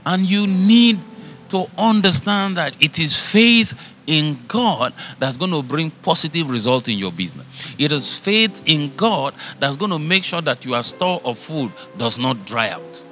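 A man preaching a sermon as pastor, fervent, his loudness swelling and falling. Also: on the high side, animated, a little slow, soft background music.

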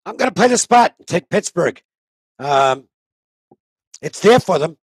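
A man's voice: high-pitched, very animated, a little slow, breathy edge, no room sound, poor audio. An older man with a New England accent, giving his sports betting picks on a panel show in a plainspoken way. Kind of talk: casual panel talk.

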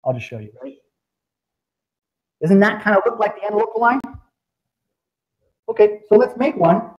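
Brief: upbeat male presenter, fairly high voice, exclamatory and animated, dull lo-fi room recording. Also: normal speed. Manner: excitable, exclamatory, full of sound effects. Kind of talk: live software demo talk.

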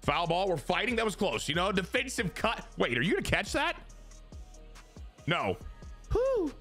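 Hyped, high-voiced man calling his own game. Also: normal speed, soft background music. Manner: excitable, swings from hyped shouting to muttered grumbling. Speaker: gaming YouTuber. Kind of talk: live gameplay commentary.

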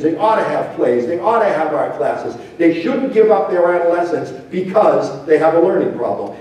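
An older man, a former teacher, giving a storytelling talk to parents, often dropping low and quiet to act out what people say. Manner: storytelling, acts out quotes, drops low and quiet for emphasis. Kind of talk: speech to an audience. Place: large hall with an audience. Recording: very echoey hall, voice from far off.

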